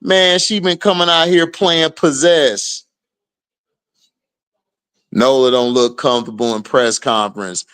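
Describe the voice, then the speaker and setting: A man's voice: medium pitch, fairly even intonation, measured pace, pauses often, fairly bright tone, clear, resonant tone. A man giving casual, slangy live commentary on a game while greeting viewers, often laughing as he trash-talks the players.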